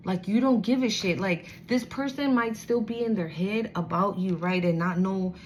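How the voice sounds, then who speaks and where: A woman's voice: mid-range voice, moderate pace, a little mellow. Woman, spiritual reader, blunt, profane, streetwise, emotional, faint noise. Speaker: tarot reader. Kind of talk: casual spiritual reading.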